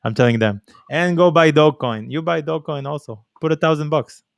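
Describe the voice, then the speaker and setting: A man's voice: a little high, brisk, creaky, dry recording, studio quality. Playful rambling man with a mixed accent. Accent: mixed non-native English. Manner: rambling, playful, drifts between topics. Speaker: DJ and stream host. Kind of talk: casual livestream chat. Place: streaming room. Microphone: streaming mic.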